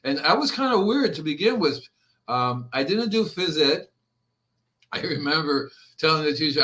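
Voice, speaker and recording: A man's voice: a little high, fast talker. An older man, a podcast guest and organic gardener, telling rambling stories in a casual way and acting out quoted people. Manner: animated, rambling, acts out quotes with raised voice. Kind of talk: casual storytelling.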